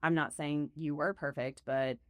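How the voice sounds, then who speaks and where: A woman's voice: low voice, steady tone, normal speed, dry recording, studio quality. A woman guest on a podcast, chatting casually and telling stories with frequent laughter. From United States. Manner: chatty, storytelling, laughs often. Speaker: podcast guest, real estate team leader. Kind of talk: casual chat.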